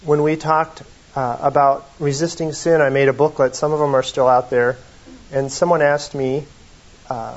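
A man's voice: mid-range voice, fairly even intonation, moderate pace. A man preaching a sermon in a folksy, conversational way, often reading quotations aloud, in a slightly muffled recording.

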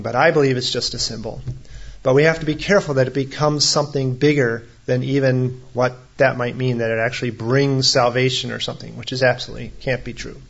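A man's voice: mid-range voice, gravelly, highs cut off. A man preaching a sermon as a pastor, in a conversational way with humorous asides.

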